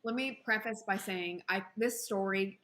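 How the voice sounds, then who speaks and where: A woman with a Southern American accent, animated and chatty as she tells a travel story on a podcast. She slips into the voices of the people she quotes and keeps the tale moving. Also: medium pitch, normal speed. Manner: animated, acts out quoted dialogue. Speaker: podcast co-host. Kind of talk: casual storytelling chat.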